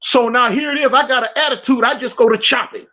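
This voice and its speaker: A guest from South Central Los Angeles tells an animated prison story in slang, repeating and restarting phrases and acting out every quote. His very high voice comes fast, pushed and bright. The recording is dull and lo-fi.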